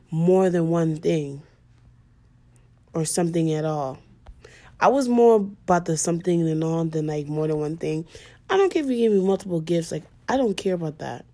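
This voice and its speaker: A young woman talks through a story on her podcast in loose, casual chat packed with fillers. Her voice sits slightly low and sounds soft and mellow. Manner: chatty, full of fillers. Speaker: podcast host.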